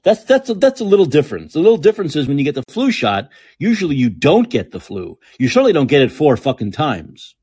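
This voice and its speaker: A man's voice: fairly high pitch, huge pitch swings, quick pace, hardly any pauses, darkish tone, breathy edge. A man hosting a podcast, ranting angrily and sarcastically with lots of swearing. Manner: angry, profane, sarcastic ranting. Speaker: podcast host. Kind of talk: ranting political commentary.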